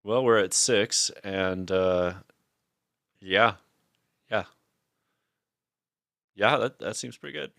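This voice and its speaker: A man's voice: on the low side, slow, gravelly, long pauses, fairly bright tone, no room sound, clean studio sound. A man streaming a card game match, chatting casually, thinking aloud and laughing often. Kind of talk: casual gaming chat.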